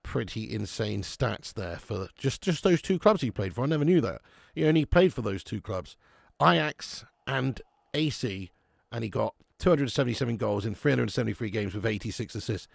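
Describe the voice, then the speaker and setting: A man's voice: mid-range voice, animated, moderate pace, vocal fry, dry recording, studio quality. A man hosting a live football watch-along, chatting casually and swearing freely. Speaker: host.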